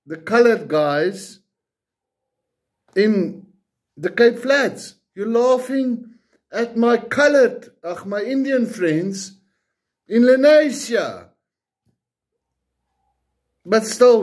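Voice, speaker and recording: A man's voice: high-pitched, lively intonation, very slow, pauses often, darkish tone. Angry South African man ranting. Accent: South African, Afrikaans-speaking. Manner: blunt, profane, repeats points with rhetorical questions. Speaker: political commentator. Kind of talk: angry political rant to camera.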